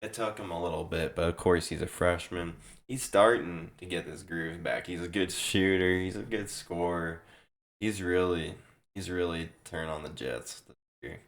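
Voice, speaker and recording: A man's voice: low-pitched, moderate pace. A young man giving casual, rambling reaction commentary on basketball prospects, restarting his sentences often while he is losing his voice. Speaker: sports video host.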